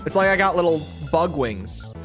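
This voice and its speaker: A man's voice: a little high, animated, moderate pace, fairly bright tone, faint music behind. A young man streaming a video game, chatting casually and picking apart the mission text with sarcastic asides. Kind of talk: casual gameplay commentary.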